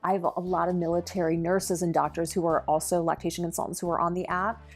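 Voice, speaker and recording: A woman's voice: fairly low pitch, flat delivery, quick pace. A middle-aged woman, a lactation consultant and dietitian, speaking earnestly and eagerly as a podcast guest. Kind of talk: podcast interview.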